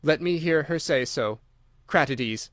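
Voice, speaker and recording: A man's voice: fairly high pitch, measured pace, fairly bright tone, no echo, clean studio sound. Starving male captive, curt and defiant, read by a male audiobook narrator. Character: starving defiant Greek prisoner, indignant man.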